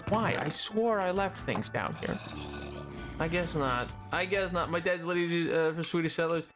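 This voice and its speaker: A woman's voice: lowish voice, normal speed, music in the background. A woman streaming a game, chatting casually in a rambling, self-interrupting way and laughing often. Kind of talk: casual live-stream chat while gaming.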